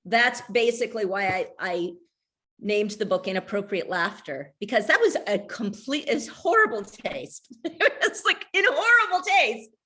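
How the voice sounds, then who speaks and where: A woman's voice: mid-range voice, a bit bright. A middle-aged woman, an author, talking about her memoir at a reading, candid and hesitant, with many fillers and restarts. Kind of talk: casual talk at a reading.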